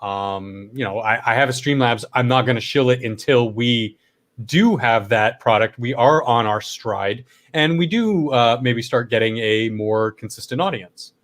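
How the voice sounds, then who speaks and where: A man's voice: mid-range voice, measured pace, a bit bright. Stuffed-up, coughing male stream host. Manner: rambling, coughs, swears casually. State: stuffed up, throat worn from talking. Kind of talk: casual late-night stream chat.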